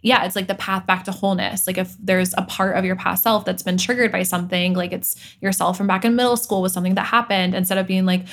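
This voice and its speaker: A woman's voice: medium pitch, steady tone, quick pace, few pauses. A woman guest on a podcast in casual chat, telling things vividly and acting out inner voices with enthusiasm.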